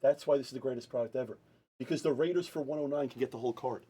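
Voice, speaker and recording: A man hosting a live-streamed card break, excitable and talking over the others, repeating himself. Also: mid-range voice, racing, slightly rough.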